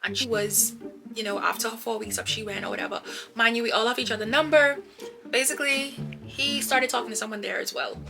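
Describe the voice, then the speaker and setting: A woman's voice: a little high, fairly even intonation, brisk, creaky. A woman vlogger telling stories in a casual get-to-know-me chat, talking to her viewers as "girl". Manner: chatty storyteller, addresses viewers as girl. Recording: background music under voice.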